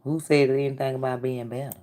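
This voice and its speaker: A woman's voice: rumbling low, level tone, brisk, warm tone. A woman hosting a casual livestream, talking bluntly and answering her chat directly. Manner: blunt, talks back to chat. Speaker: livestream host.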